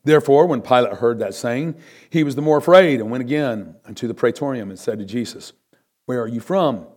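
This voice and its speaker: A man preaching a Bible lesson in a middle-pitched voice. He reads the verses aloud and stresses the key words. He swings from loud, pressing peaks to low, quiet asides. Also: expressive, fairly quick. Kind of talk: sermon, Bible teaching.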